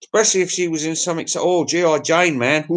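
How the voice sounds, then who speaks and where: Rambling crude English bloke, high voice. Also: male voice, moderate pace. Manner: rambling, crude, chuckling to himself. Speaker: livestream host. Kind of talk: casual chat to viewers.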